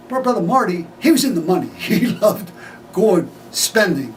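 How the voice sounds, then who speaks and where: Older man, animated storyteller, laughing, high voice, distant mic, faint ambient noise. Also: normal speed. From United States. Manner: animated, laughing storyteller acting out family dialogue. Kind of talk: personal storytelling.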